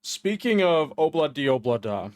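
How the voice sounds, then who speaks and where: High-pitched dude cohosting a podcast, cusses a lot, laughy, dry close sound. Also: male voice, big pitch swings, normal speed, darkish tone, dry recording. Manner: swears freely, laughs through stories. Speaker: podcast co-host. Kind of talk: casual chat.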